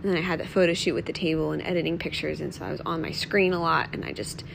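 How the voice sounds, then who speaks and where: A young woman hosting a reflective devotional talk from home, soft and earnest, often dropping to a near-whisper. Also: low-pitched, steady tone, fast, vocal fry, slight background noise. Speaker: podcast host.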